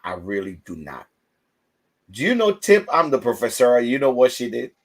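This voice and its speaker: A man hosting a casual livestream chat, telling stories with lively, loud acted-out quotes. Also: mid-range voice, normal speed. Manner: animated storytelling, acts out quotes loudly. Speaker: host.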